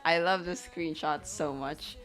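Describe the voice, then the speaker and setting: A woman's voice: low voice, steady tone, measured pace, a bit bright, soft background music. A young woman chatting casually at her computer, rambling and giggling as she swears and fills her talk with "like" and "you know.". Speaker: animator. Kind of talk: casual chat while sharing her screen.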